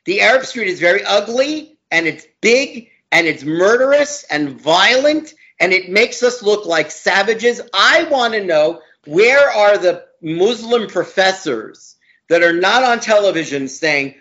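A man with a high voice speaks in an emphatic, opinionated manner and hammers his points by repeating words. He is a law professor giving an interview guest's view. The recording is dull and lo-fi. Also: lively intonation, measured pace, bright, forceful tone. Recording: dull lo-fi audio.

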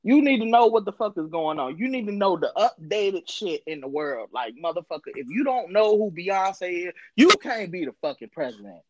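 Animated, profane male podcast host. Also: high voice, moderate pace, hardly any pauses, no room sound, rough recording. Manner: animated storytelling, heavy cursing, acts out quoted people. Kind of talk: casual profane chat.

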